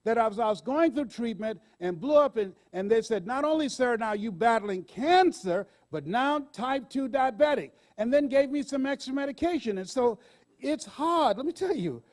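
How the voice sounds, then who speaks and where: A man in his sixties giving a live motivational speech on stage, animated and laughing often as he talks to the audience. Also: very high-pitched, moderate pace. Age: 60s. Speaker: motivational speaker.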